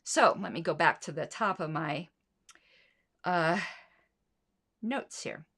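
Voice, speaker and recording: A middle-aged woman delivers opinionated solo commentary in a fairly low voice. She sounds indignant and sarcastic, with frequent swearing and pointed rhetorical questions. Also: animated, slow, fairly bright tone, breathy edge. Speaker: podcast host.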